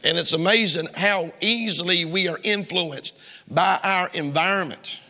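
A Southern US man delivering a sermon from the pulpit, emphatic and pressing, sometimes rising to a shout. His voice sits high with a sharp, bright edge and some gravel in it. The sound rings with the long reverb of a church hall. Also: a little slow. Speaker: preacher. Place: church sanctuary.

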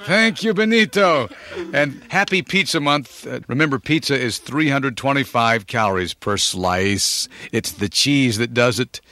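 A man's voice: medium pitch, expressive, a little slow, sharp tone. A man hosting a radio countdown, chatting playfully and teasing callers. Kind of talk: upbeat radio DJ patter.

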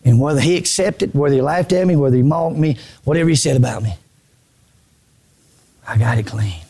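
A man preaching a sermon from a church pulpit. He repeats phrases and swings between shouted lines and hushed low ones. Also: fast talker. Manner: repeats phrases, stammers on restarts. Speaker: pastor.

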